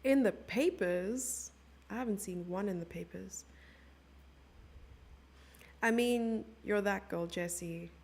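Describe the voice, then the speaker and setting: A woman's voice: medium pitch, slow pace, vocal fry, pauses often, slightly rough. A young woman commenting on chess live and chatting playfully with her viewers. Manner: chatty, playful, reads out and answers chat.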